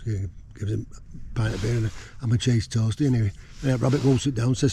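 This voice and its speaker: A man's voice: medium pitch, fairly even intonation, quick pace, dark tone, a little hiss or hum. A man chatting casually from his tent while wild camping, rambling with lots of fillers. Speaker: vlogger. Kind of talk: casual outdoor chat. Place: tent on a windy hill.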